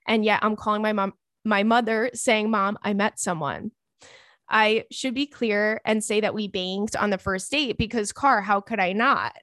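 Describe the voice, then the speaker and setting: Playful, slangy woman podcast host reading listener mail, middle pitch, dry close mic. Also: normal speed, no echo. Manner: animated, playful, chatty slang. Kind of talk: reading and reacting to listener email.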